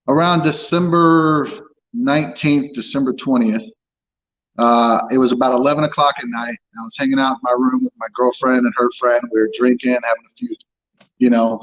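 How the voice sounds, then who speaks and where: A man's voice: mid-range voice, muffled recording. A man telling his own story as an interview guest, blunt and frank, swearing freely as he talks. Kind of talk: candid personal account.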